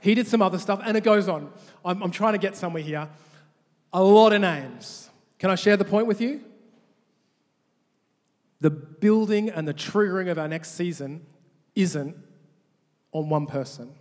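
A male pastor with a fairly high voice preaches to his church, animated and quick to restart his sentences. His words ring out with a long reverb tail in a large church hall. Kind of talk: sermon with call-and-response.

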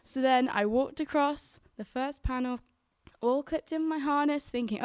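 A woman's voice: high-pitched, a little slow, no echo, studio quality. A young woman telling a personal story on stage, chatty and quoting her own thoughts.

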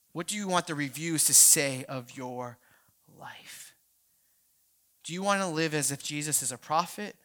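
Bright-voiced woman preaching with rising fervor. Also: sits high. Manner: conversational preaching that builds to shouting; frequent restarts and repeated words. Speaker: pastor. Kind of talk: sermon.

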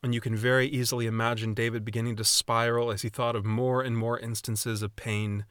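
A man preaching a sermon in a measured, earnest way, with readings from scripture. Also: medium pitch, flat delivery, fairly bright tone, clean tone, dry recording, studio quality. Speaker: pastor.

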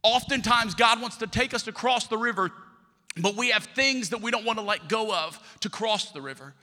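A man's voice: sits high, moderate pace, pushed and bright, soft background music. A man, preaching a sermon as pastor and telling stories, acting out the voices he quotes. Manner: storytelling, acts out quoted voices. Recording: long hall reverb.

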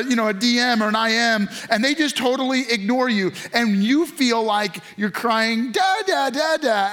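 High-voiced man preaching in a chatty way. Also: a bit bright. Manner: casual storytelling with acted quotes. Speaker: pastor. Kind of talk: sermon.

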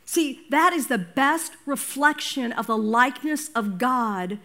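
High-voiced older woman pastor preaching. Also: unhurried. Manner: animated, conversational preaching with storytelling asides. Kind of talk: sermon.

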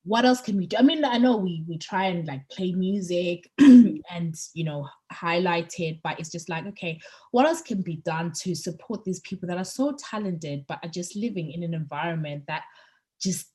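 A woman co-hosting a podcast in casual chat, chatty and getting excited on politics, with lots of fillers and restarts. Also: fairly low pitch, moderate pace. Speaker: podcast co-host.

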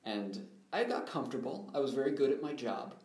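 A man's voice: medium pitch, very animated, a little fast, darkish tone. Young man telling his story, roomy echo. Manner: earnest, reflective storytelling. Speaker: guest. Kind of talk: personal life story interview.

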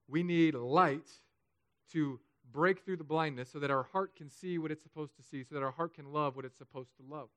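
A fairly high-voiced man preaches a sermon with feeling. He swings from loud, pressing appeals down to soft, hushed passages. His voice sounds close and dry, with no room echo. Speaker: pastor.

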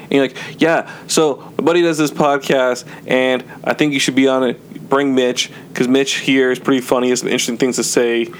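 A man chatting casually as a podcast guest, retelling stories with animated quoted lines. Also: medium pitch, a little fast. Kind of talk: casual chat among friends. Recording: faint background noise.

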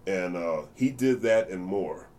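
A deep-voiced American jazz bassist speaks a little slowly as a guest in a casual interview. He's animated, telling stories and doing the voices of the people in them.

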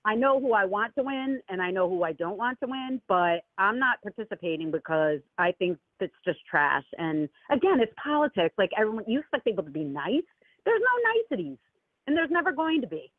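A woman calling in to a show and chatting casually about politics, animated and swooping high when she mocks people. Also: brisk, no room sound. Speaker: caller. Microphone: phone call. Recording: tinny phone line, dry.

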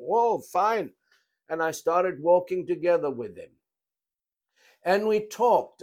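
A man preaching a sermon as a pastor, using an emphatic, repetitive cadence and lively storytelling. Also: a little high.

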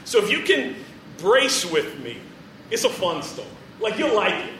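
Male preacher, casual, jokey, fairly high voice, heard from far off, very echoey hall, faint room hum. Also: big pitch swings, moderate pace, sharp tone. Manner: casual and joking, chuckles between phrases. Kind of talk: sermon.

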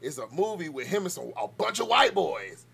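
A man with a Southern accent talks loosely on a podcast, swearing and laughing through his stories. His voice sits high and has a gravelly edge, with a bright, sharp tone. A faint hum runs underneath. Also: very animated, moderate pace. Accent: Southern US, Georgia. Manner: loose, laughing, profane storytelling. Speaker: podcast co-host. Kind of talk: casual chat.

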